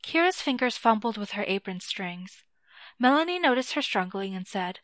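A woman's voice: on the high side, animated, normal speed, a bit bright, no echo. Woman reading a story, dry close sound. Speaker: narrator. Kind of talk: scripted narration of fiction.

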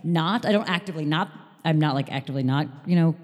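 A young woman chatting casually, rambling and self-deprecating with halting restarts. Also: low-pitched, darkish tone. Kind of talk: casual chat. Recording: long hall reverb.

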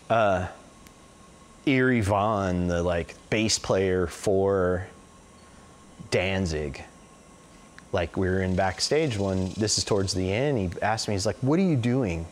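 A man's voice: sits low, slow pace, pauses often. A man in his forties answering interview questions, telling long stories loosely and filling them with "like" and "you know.". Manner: rambling, peppered with "like" and "you know". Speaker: interview guest. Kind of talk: casual interview storytelling.

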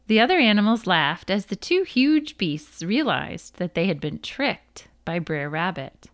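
Woman reading a kids story out loud, really animated voice, bouncy. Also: fairly low pitch, measured pace. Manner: lively, expressive reading. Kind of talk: storybook read-aloud narration.

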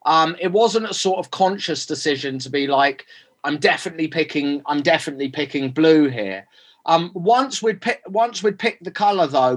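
A man with a voice pitched a little above the usual answers an interviewer's questions. He rambles loosely, stacking fillers and false starts as he thinks aloud. The feel is relaxed conversation. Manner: rambling, many restarts and fillers. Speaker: film director.

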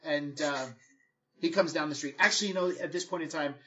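A man narrating as game master in a relaxed, rambling way. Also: fairly high pitch, fairly quick. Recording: dull lo-fi recording.

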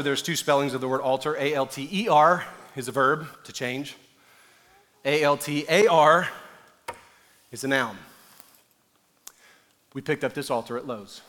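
A man preaching a sermon as pastor, animated and building at times to shouting. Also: medium pitch. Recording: echoey hall reverb.

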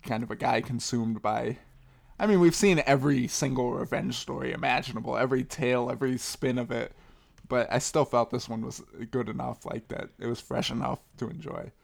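A man's voice: medium pitch, a little fast, creaky. A man co-hosting a film podcast in casual chat, critical and wry.

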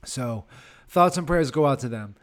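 Hosting his own podcast, a thirtysomething comedian goes off on a loose, sarcastic solo rant, wandering around with plenty of filler words and laughter. He speaks expressively at a medium pitch and a moderate pace.

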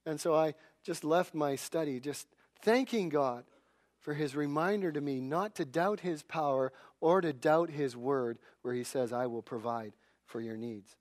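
A man's voice: on the high side, a little slow, a little mellow. A middle-aged male pastor preaching a sermon in church, earnest and emphatic, with a self-deprecating humor.

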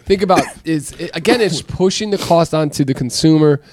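Man, fairly high voice, animated exasperated storyteller, dry close mic. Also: fairly quick, no room sound. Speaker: podcast co-host. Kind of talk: casual chat.

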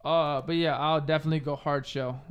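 A man's voice: fairly high pitch, fairly even intonation, fairly quick, clean tone. A young man co-hosting a podcast, chatting casually and telling profane, rambling stories. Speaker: podcast co-host.

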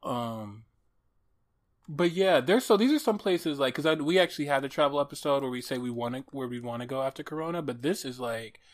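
A man's voice: mid-range voice, expressive, brisk. A man in his thirties co-hosting a podcast, chatting casually in a playful, teasing, exclamatory way. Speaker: podcast co-host. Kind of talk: casual chat.

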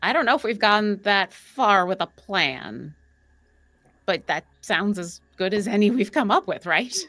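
A woman with a bright, forward voice chats through a tabletop game, thinking aloud. The sound is close and dry. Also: mid-range voice, lively intonation, a little slow, no room sound. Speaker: player. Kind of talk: casual tabletop play.

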